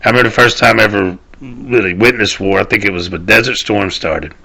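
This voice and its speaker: A Southern US podcast host rants loosely on his own show, rambling, swearing, and often trailing off before starting over. His voice is lowish and gravelly, brisk in pace, with a pushed, bright quality.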